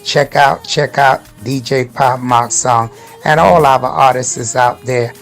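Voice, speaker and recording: A man hosting a casual radio show, with a mid-pitched voice. He gives shout-outs in an upbeat, loose and slangy way, with faint music playing behind him. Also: fairly even intonation, measured pace, vocal fry. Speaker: radio host.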